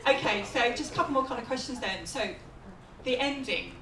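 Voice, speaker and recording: A woman interviewer asks halting questions full of fillers at a festival Q&A. She sounds far from the mic in a reverberant room. Clear background noise runs under her voice. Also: high voice, expressive. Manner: hesitant, many fillers. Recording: distant, roomy, noisy.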